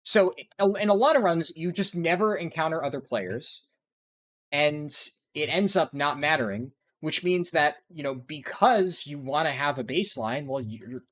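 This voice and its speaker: A man's voice: a little high, fairly bright tone. A man giving ranting, profanity-heavy commentary over his speedrun gameplay. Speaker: speedrunner and video creator.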